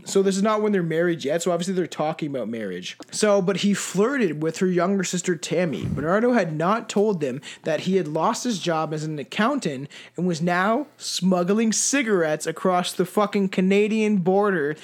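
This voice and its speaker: This podcast host's voice sits high and is expressive, moving at a moderate pace with hardly any pauses. Chatting casually about true crime, he curses a lot and wanders through his thoughts, frequently starting over.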